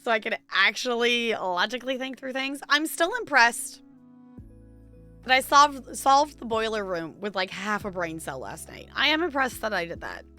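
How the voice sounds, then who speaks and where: Bright-voiced woman streamer with a strained squeaky voice. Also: animated, normal speed, soft background music. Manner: chatty, giggly, rambling. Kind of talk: casual chat with chat viewers.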